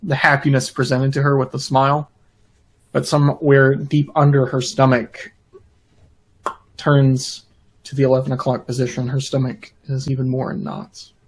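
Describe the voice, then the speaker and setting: A man playing in a tabletop role-playing game, describing his character's actions with fillers and pauses. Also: medium pitch, completely flat delivery, husky, rough recording. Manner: slow, deliberate, hesitant. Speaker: player.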